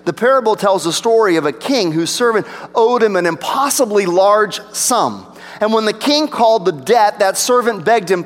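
A pastor preaching a sermon, rising for emphasis and dropping to a low hush. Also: male voice, lively intonation, moderate pace, faint music behind. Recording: long reverb of a large hall.

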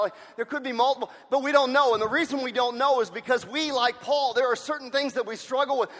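A man preaching a sermon with passion, swinging between loud shouts and hushed, quiet lines. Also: very high-pitched. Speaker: pastor. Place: church sanctuary. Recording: long reverb of a large hall.

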